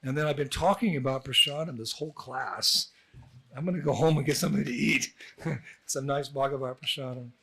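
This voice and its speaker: A man's voice: medium pitch, fairly quick, a crowd in the background. A man, a monk, giving an informal temple address, telling anecdotes and acting out the dialogue. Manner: storytelling, acts out dialogue with laughs. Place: temple hall.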